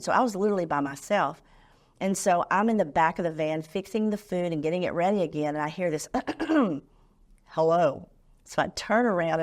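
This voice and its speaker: A middle-aged woman, a nonprofit founder telling her story as a guest on a talk show and acting out the voices she quotes. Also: low voice.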